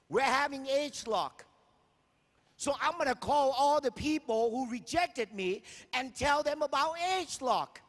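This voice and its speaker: A man's voice: extremely high pitch, a bit bright. A man giving a motivational stage speech at a sales convention, emphatic and repetitive, firing rhetorical questions at the crowd. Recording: long hall reverb.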